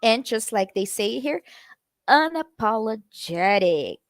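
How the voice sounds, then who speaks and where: Slow, chatty woman teaching English. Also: fairly high pitch, sing-song, no echo. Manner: chatty, addresses viewers in the comments. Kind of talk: live-streamed language lesson.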